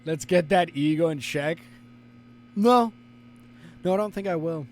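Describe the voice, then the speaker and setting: A man's voice: a little high, measured pace. A male streamer chatting casually and playfully with his audience, teasing and theatrically indignant. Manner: playful, theatrical, bickering with chat. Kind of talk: casual live-stream chat.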